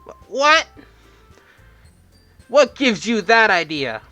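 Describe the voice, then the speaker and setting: Dude doing a feisty snappy little girl, pitched up, sharp. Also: very animated, takes it slowly, faint music behind, exaggerated voice. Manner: sharp, higher and louder than his own voice. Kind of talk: reading a visual novel aloud.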